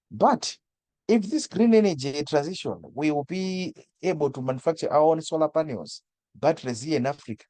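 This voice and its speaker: A man's voice: mid-range voice, warm tone, dry recording. A man from Malawi, a guest speaker on energy, explaining things over a video call with frequent restarts and stammers. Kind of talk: webinar discussion.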